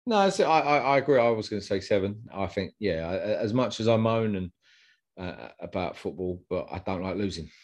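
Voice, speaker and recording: A low-pitched man, talking football in a relaxed, rambling way. He often circles back and repeats himself as he chats with his co-host on a fan podcast. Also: brisk. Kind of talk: casual chat.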